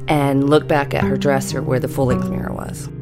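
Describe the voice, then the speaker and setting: A woman in her fifties with a deep, low voice tells a personal story for a podcast. She takes her time and slows down on the words that matter. A music bed plays steadily under her voice. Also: little pitch movement. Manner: measured, deliberate storytelling with slowed emphasis.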